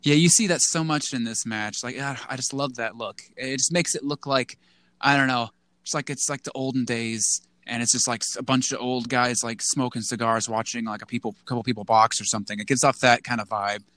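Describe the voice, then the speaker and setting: Speaking at a fairly quick clip in a steady, mid-range voice, this man co-hosts a casual podcast. He meanders with lots of "like" and false starts, putting on a goofy voice for quotes. His tone is fairly bright, and the recording carries no room sound.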